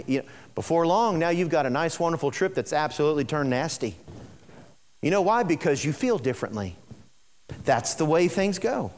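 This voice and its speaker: A man with a high, light voice preaches to his congregation, pressing each point home and circling back to it again and again. His words ring out with a long echo around a large hall. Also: expressive, a little fast. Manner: emphatic, repetitive, speaks straight to the congregation. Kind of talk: sermon on marriage.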